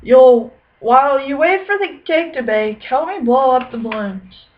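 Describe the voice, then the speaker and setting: A woman voicing a busy, patient father frog who gives brisk instructions. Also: sits high, animated, highs cut off, slight background noise. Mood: instructing.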